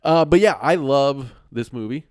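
A man's voice: mid-range voice, normal speed. A man in his thirties co-hosting a podcast in casual chat, rambling and restarting his sentences. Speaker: podcast co-host.

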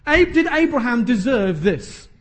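A man in his thirties preaching a sermon. His voice sits high and swings widely in pitch. He is emphatic, with quick joking asides. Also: sing-song, a bit bright. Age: 30s.

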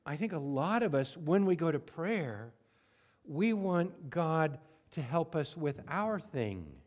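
A man preaching a sermon in a conversational way, acting out prayers in everyday words and moving between emphatic bursts and hushed moments. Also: fairly high pitch, sing-song, slow pace. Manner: conversational, swings from loud emphatic to soft and hushed. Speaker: pastor.

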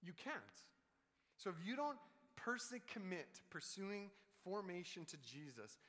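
A man's voice: fairly high pitch, sharp tone. A man preaching a sermon as pastor, earnest and repeating words when emphatic. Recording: long hall reverb.

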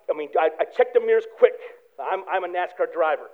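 A man preaching a sermon, telling a personal story with animated swings from hushed prayer to loud excitement. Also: high-pitched, a little fast, hardly any pauses. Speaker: pastor. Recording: tinny phone-like sound.

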